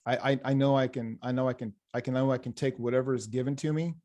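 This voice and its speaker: Animated male hypnotherapist telling stories. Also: medium pitch, fast. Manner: animated storyteller, acts out quoted dialogue, frequent restarts. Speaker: hypnotherapist, program graduate. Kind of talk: casual interview, telling client stories.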